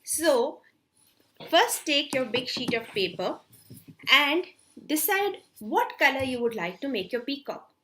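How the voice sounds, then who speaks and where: A woman's voice: high-pitched, sing-song, measured pace, a bit bright, slight background noise. A woman teaching a children's hobby class, telling a story and then leading a craft, coaxing the kids with questions. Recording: roomy echo.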